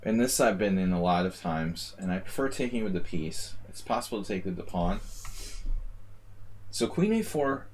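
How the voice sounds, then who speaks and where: Man, low voice, casual stream commentary, thinking aloud, reciting chess moves. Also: animated, moderate pace, a little mellow.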